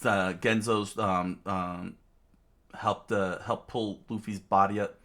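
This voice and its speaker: A man casually reading a manga aloud, halting often with fillers and restarts. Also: on the low side, steady tone, fairly bright tone. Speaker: reader.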